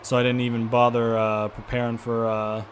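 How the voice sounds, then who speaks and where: A man giving excitable, profane let's-play commentary, often repeating himself. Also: medium pitch, moderate pace, a little hiss or hum. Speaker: gaming video host.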